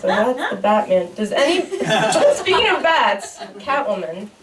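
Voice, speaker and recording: A woman's voice: fairly high pitch, very animated, a little slow, a loud crowd. A young woman performing a stand-up comedy set on a club stage, rambling and laughing through her punchlines while acting out characters. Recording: echoey club recorded from far off, loud noise. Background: audience laughter.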